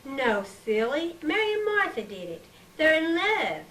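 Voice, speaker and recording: A woman's voice: sits high, measured pace, roomy sound, far from the mic, slight background noise, pitched above the performer's own voice, exaggerated voice. A woman voicing a spirited, bossy young girl ordering her little sister around. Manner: bossy, excited.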